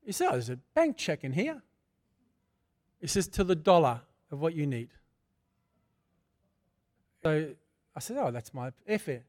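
An older man preaching a sermon, moving from prayer into a personal testimony told in a fervent, conversational way that swells to loud bursts. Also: a little high, big pitch swings, unhurried, pauses often. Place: church.

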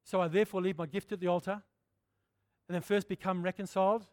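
A middle-aged man preaching a sermon in a candid, conversational way, often clearing his throat. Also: high voice, level tone, fast, no echo, studio quality. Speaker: pastor.

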